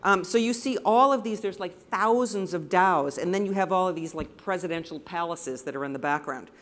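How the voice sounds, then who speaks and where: A woman's voice: fairly low pitch, a little fast. Enthusiastic American woman telling stories. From United States. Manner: enthusiastic, anecdotal storytelling. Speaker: photographer presenting to an audience. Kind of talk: presentation talk with slides. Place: room with a live audience.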